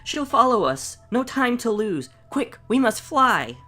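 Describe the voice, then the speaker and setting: A man voicing a brave, quick-witted young girl in a storybook reading, giving urgent, brisk commands. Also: very high-pitched, big pitch swings, sharp tone, soft background music, voice pushed up, full character voice. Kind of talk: storybook read-aloud.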